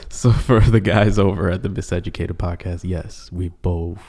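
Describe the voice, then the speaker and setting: A man's voice: low-pitched, fairly even intonation, moderate pace, vocal fry, mellow. A man co-hosting a podcast in casual chat, laid-back and prone to joking asides and laughter. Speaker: podcast co-host.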